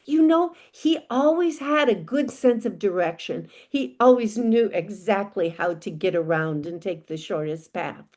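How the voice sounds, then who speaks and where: A woman's voice: medium pitch, animated, measured pace, few pauses, darkish tone, natural voice. Woman doing matter-of-fact village friends. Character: plain-spoken village friends.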